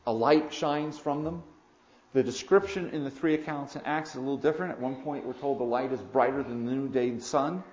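A man preaching a sermon in an earnest way, with loud emphatic moments and quiet asides. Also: medium pitch, fairly quick. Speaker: pastor. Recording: echoey room, dull lo-fi sound.

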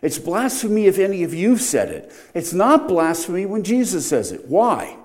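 A man's voice: high voice, huge pitch swings, moderate pace, a little mellow. A middle-aged man preaching an expository sermon, emphatic, his voice rising and dropping sharply.

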